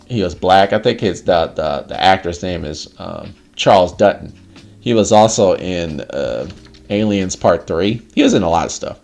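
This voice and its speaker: A man hosting a casual livestream chat, animated, laughing often and swearing casually. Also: deep voice, moderate pace, gravelly. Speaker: livestream host.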